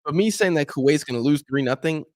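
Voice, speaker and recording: A man's voice: a little high, fast talker, dry recording. A young man hosting a football watch-along stream, chatting casually with his viewers and acting out what fans say about him. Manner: animated, talks to chat, acts out fans' complaints. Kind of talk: casual live-stream chat and match commentary.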